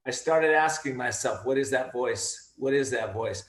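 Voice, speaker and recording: A man giving an energetic, emphatic motivational talk on a video call, repeating his key phrases. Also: medium pitch, normal speed, hardly any pauses, roomy sound, a little hiss or hum. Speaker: guest speaker.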